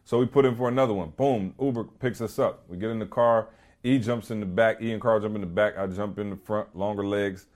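A man's voice: on the low side, fairly quick. A man co-hosting a podcast who tells a story in a casual, rambling way, full of "you know" and "like". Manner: animated, rambling with many "you know" and "like" fillers. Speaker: podcast co-host.

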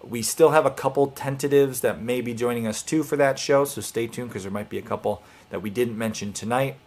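A man's voice: medium pitch, brisk, darkish tone. A man hosting a live online homesteading show, talking casually and earnestly to viewers with encouraging, rambling speech and restarts.

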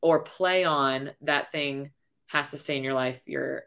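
Low-pitched woman host of a casual interview podcast, friendly and plain. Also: steady tone, unhurried, creaky, a bit bright, clean tone. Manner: friendly, explains the game segment plainly.

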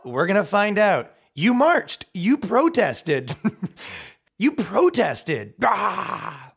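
A man's voice: high-pitched, fairly bright tone. A man hosting a comedy podcast and ranting with mocking sarcasm and plenty of swearing.

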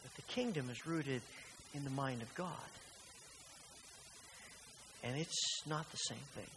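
Speaking slowly in a medium-pitched voice, this earnest pastor delivers a church sermon full of rhetorical questions. The recording carries the echo of a church hall plus a faint hiss.

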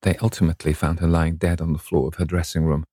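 Male reader doing a suave cynical aristocrat, low dark voice, husky, urbane, audiobook. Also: level tone, fast, no echo, clean studio sound. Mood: grave. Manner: urbane, epigrammatic. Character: witty, cynical older aristocratic gentleman.

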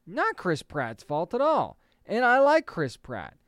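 Casual male entertainment host, thirties to forties, smooth clear tone, opinionated chatter. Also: high voice, huge pitch swings, a bit bright, no room sound, clean studio sound. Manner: chatty, opinionated, quick asides. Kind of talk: casual commentary.

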